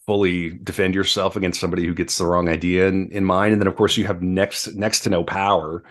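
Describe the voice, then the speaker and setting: A man with a low voice co-hosts a podcast and reads long passages aloud in a conversational way, leaning lightly on key words. Between passages he slips back into relaxed chat. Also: fairly quick. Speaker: podcast co-host. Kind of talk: reading a memoir aloud, then casual chat.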